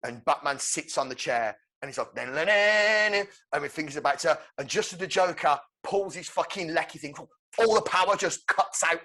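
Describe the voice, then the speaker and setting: A man co-hosting a podcast, excitedly pitching a film plot with swearing and shouted sound effects. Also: brisk, hardly any pauses. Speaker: podcast co-host. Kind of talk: animated movie-pitch storytelling.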